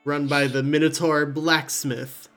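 A man's voice: a little high, unhurried, soft background music. Laid-back young man running a tabletop game. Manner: relaxed, rambling, swears casually. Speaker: game master.

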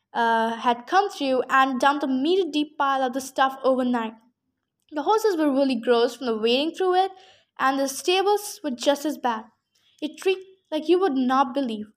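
A woman reading a novel aloud in the first person, breaking off for chatty asides with fillers. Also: sits high. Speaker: reader.

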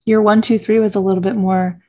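A woman's voice: medium pitch, flat delivery, fairly quick, a little mellow. A woman co-hosting a casual watch-along chat, making wry, teasing comments about the show.

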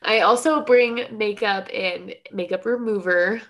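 A woman's voice: mid-range voice, measured pace, a bit bright. A woman co-hosting a casual chat, giggly and chatty, talking through a stuffy nose. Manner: chatty, giggly, uses "like" often. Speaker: podcast co-host.

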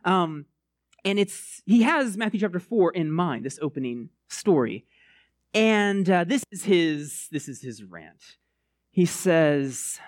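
A man preaching a casual, conversational sermon, rambling and restarting with many fillers, swooping up high to stress a point. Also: slow, no echo, studio quality. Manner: animated, swoops up high for emphasis.

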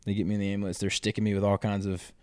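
A man's voice: fairly low pitch, very fast, no echo, clean studio sound. A young man, a podcast guest casually telling a story and acting out the quotes. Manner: animated storyteller, acts out quotes loudly.

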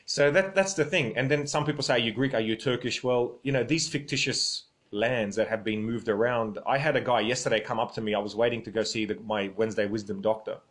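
An Australian man talks casually into his phone on a livestream. He rambles from one point to the next and reads out viewer comments as they come in. His voice sits in an ordinary middle pitch for a man. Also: a little fast, hardly any pauses.

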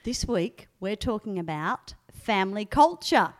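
A woman co-hosting a podcast about family life, chatting casually with her partner. Her speech has a sing-song lilt and swoops widely in pitch. The talk is relaxed and friendly. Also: measured pace. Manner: sing-song, hums and sings a lot. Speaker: podcast co-host. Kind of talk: casual chat.

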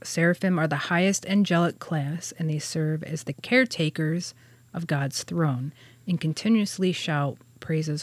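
Low-voiced woman explaining, dry sound. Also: unhurried, dry recording. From Catholic churchgoer. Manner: laughs often, stumbles on pronunciations. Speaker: podcast co-host explaining angel hierarchy. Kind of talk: casual explanatory chat.

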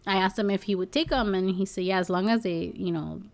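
A young woman talks a little fast in a medium-pitched voice, telling a story in a loose, rambling way during a casual chat. She's a package delivery driver, and she fills pauses with "like" and "you know" while occasionally cursing and laughing.

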